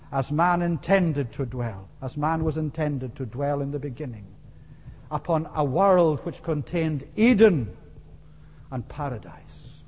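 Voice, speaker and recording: A man delivers an earnest, rhetorical sermon, pressing hard on key phrases before easing off. His voice sits a little high for a man. The sound carries a long reverb, as in a church hall. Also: darkish tone. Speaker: preacher.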